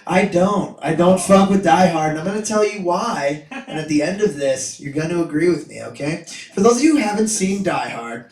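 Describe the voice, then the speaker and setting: A young man performs stand-up on a club stage, crude and self-mocking, with a high voice that breaks into loud shouting. He sounds a bit far from the mic, and the room rings with echo. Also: animated, moderate pace. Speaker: stand-up comedian. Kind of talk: stand-up comedy set. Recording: echoey room, mic heard from afar.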